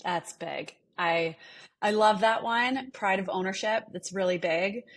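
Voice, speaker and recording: A woman's voice: medium pitch, unhurried. A woman hosting a podcast interview, responding with affirmations and asking casual questions. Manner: warm and affirming, asks questions, many fillers like "like" and "um". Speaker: podcast host.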